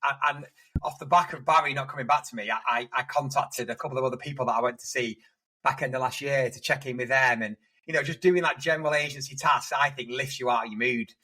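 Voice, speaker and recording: A man's voice: mid-range voice, steady tone, quick pace, sharp tone, rough recording. A man co-hosting a casual podcast, telling rambling work anecdotes with lots of restarts. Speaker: podcast co-host, estate agent.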